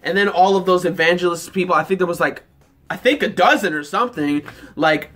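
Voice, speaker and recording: Rambling, high-voiced young-sounding man. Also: brisk, fairly bright tone. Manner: rambling, enthusiastic, heavy use of "like" fillers. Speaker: anime reaction reviewer. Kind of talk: casual episode review.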